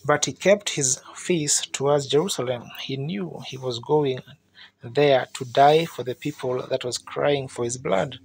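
A man's voice: medium pitch, a little slow, vocal fry, breathy edge. A man preaching a sermon in fervent storytelling style, building to emphatic outbursts. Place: church meeting.

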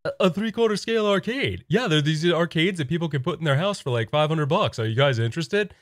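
A man voicing a dim, meek salesman who talks in halting, goofy bursts. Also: fairly high pitch, animated, dry recording, clean studio sound, pitched above the performer's own voice, close to an everyday voice. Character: dopey, meek male sales rep, slow and goofy.

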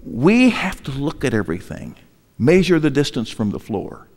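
In a large church hall with a long reverb tail, an older male pastor speaks in a mid-range, slightly mellow voice that's very animated at normal speed. He tells a story with humor at his own expense and asks his congregation rhetorical questions.

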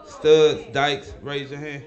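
A man doing stand-up on a club stage, loud and animated as he works the crowd. His voice sits a little high for a man, and he leans on repeated tag lines. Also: takes it slowly, highs cut off. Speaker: stand-up comedian. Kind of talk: live stand-up comedy.

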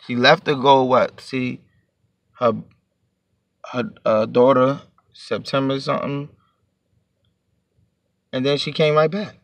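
A man's voice: mid-range voice, little pitch movement, takes it slowly, long pauses, dry recording. A man telling a storytime to his vlog audience in a heated, profane, rambling rant, sitting a bit back from the mic.

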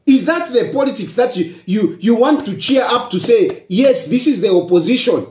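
Zambian male commentator, high animated delivery, repeats his points, echoey room. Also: normal speed. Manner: repetitive, emphatic, asks rhetorical questions. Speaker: political commentator. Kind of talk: casual political commentary.

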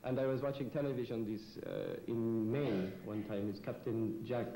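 A man being interviewed on a television variety show, talking haltingly with many fillers in a put-on foreign immigrant accent. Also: mid-range voice, dark tone, reverberant, slight background noise, rough recording. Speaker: comedian guest. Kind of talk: in-character talk show interview.

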